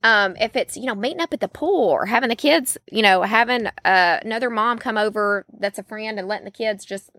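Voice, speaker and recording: A woman's voice: mid-range voice, brisk, few pauses, sharp tone, no room sound, studio quality. A woman, hosting a faith-based podcast in a chatty, folksy way with many fillers. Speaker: podcast host.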